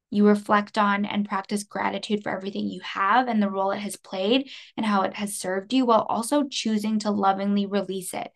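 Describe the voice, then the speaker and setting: A woman in her twenties from Canada, hosting a podcast in an earnest, emotional monologue, laughing softly between phrases. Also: medium pitch. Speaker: podcast host. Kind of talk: personal reflective monologue.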